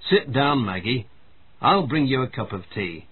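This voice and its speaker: A man voicing an eager cafe owner who talks in a coaxing, brisk way, on tinny phone-like audio. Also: medium pitch, expressive, breathy edge.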